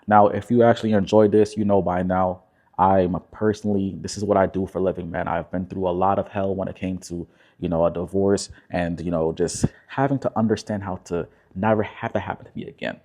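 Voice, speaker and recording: A man speaking as a relationship coach, talking calmly and directly to the viewer, often checking in with "right?". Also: low voice, a little fast. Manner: calm, repetitive, tag questions like "right?". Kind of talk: direct-to-camera coaching talk.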